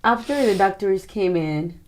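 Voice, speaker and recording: A woman hosting a talk show, asking gentle follow-up questions and finishing her guest's sentences. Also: mid-range voice, unhurried, a little hiss or hum. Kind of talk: supportive interviewer.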